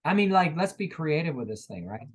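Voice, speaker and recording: A man with a fairly high voice runs a motivational sales training. He speaks with energy, switching into little acted-out conversations with customers to make his points. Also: fairly quick. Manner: energetic, acts out sales dialogues.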